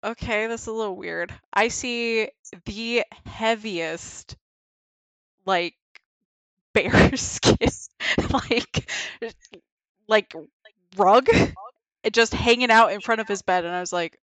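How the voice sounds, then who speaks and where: A woman's voice: mid-range voice, slow pace, fairly bright tone, dry recording. A young woman casually telling a frank, laughing story on a podcast, swearing freely and acting out her own reactions. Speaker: guest.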